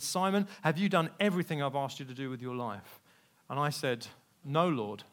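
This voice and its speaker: A man preaching a sermon in church, telling a personal story and moving between hushed passages and loud, emphatic ones. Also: fairly high pitch. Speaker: pastor.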